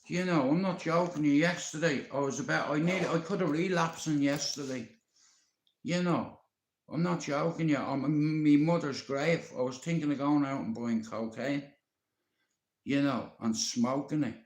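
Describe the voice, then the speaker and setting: A man's voice: on the high side, moderate pace. Upset Irish man ranting, echoey sound. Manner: upset, rambling, swears often, addresses a friend. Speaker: live streamer. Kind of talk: emotional live-stream rant.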